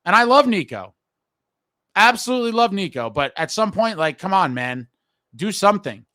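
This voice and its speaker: A man's voice: high voice, sing-song, moderate pace, sharp tone, no room sound. A man hosting a live fan show and reading viewer comments aloud, blunt and frustrated and swearing casually. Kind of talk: casual live-stream talk.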